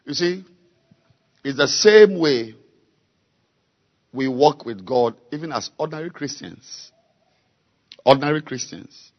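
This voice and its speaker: A man preaching a sermon, slow and emphatic, repeating key words and building to loud exhortation. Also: on the high side, lively intonation, dull audio. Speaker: pastor.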